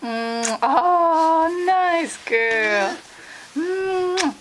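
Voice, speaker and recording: Parent at home, very high coaxing baby talk, noisy camcorder sound. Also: female voice, expressive, very slow. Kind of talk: home video, talking to a baby. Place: family home indoors. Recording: home camcorder with noticeable background noise.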